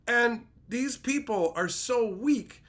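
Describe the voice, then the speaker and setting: High, animated ranting man. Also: slow. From Canada. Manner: profane, mocking, mimics people in silly voices. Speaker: streamer. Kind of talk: ranting commentary.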